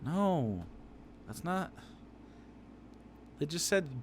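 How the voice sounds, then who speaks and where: A man's voice: fairly high pitch, very animated, slow pace, faint music behind. A man live-streaming his reaction to a video, swearing freely, laughing and talking back at the screen.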